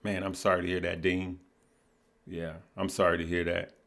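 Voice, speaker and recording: A middle-aged man hosting a livestream, talking earnestly and haltingly, often repeating words and answering viewers by name. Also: low voice, flat delivery, gravelly, a bit bright. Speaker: livestream host. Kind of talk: casual heartfelt livestream talk.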